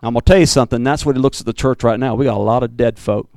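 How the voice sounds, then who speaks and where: A man preaching a fiery Pentecostal sermon, swinging from loud bursts to low, intense asides. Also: racing, creaky, dry recording. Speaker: pastor.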